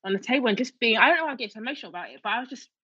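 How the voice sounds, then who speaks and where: A woman's voice: fairly high pitch, animated, rapid-fire, sharp tone, breathy edge, no echo. A woman telling a personal story as an interview guest, emotional, with many fillers and restarts. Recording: dull dry lo-fi sound.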